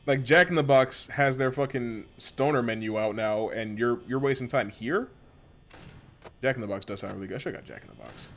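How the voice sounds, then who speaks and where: A man's voice: medium pitch, normal speed, creaky, a bit bright. A man from the western United States chatting casually and profanely while streaming a game, rambling with lots of slang. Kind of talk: casual gameplay chat.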